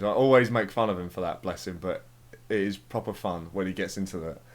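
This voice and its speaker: A man's voice: fairly low pitch, quick pace. A young man, chatting casually over a game and telling a rambling, sweary story full of fillers. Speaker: let's play commentator. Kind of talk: casual chat over gameplay.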